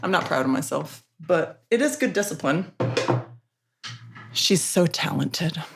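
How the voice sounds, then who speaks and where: Young female streamer, lower voice that swings up and down, coaxing dog commands, faint music behind. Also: animated, measured pace, gravelly. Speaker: livestream host. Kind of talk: casual chat while training a dog.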